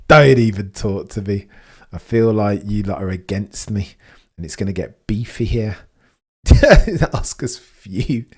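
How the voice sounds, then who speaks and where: A man hosting a live stream, giving chatty, excitable race watchalong commentary and laughing often. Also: lowish voice, normal speed, slightly rough.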